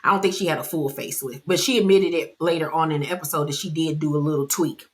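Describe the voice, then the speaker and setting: A woman giving a casual recap of a reality TV episode, loud and brash with slang and swearing, often laughing and jumping high in pitch for mock outrage. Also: fast. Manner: animated, loud, with frequent laughter.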